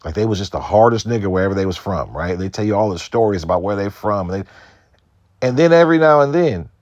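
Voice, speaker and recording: A man's voice: fairly low pitch, animated, fast talker, darkish tone, dry recording, highs cut off. A man from Seattle hosting a podcast, telling profane, loose stories in a casual monologue and mimicking other people's voices. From Seattle, United States. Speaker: podcast host.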